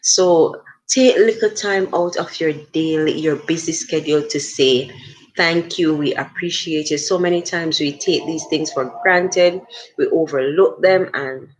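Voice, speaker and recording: Slow, low-voiced woman chatting earnestly. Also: a little mellow. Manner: chatty, earnest, many fillers and restarts. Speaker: livestream host. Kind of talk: casual motivational livestream talk.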